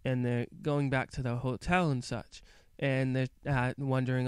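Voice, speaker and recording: Man reviewer, casual rambling episode recap, smooth voice, dry close sound. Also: medium pitch, level tone, normal speed, no room sound. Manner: rambling, hesitant, many fillers. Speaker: anime reviewer.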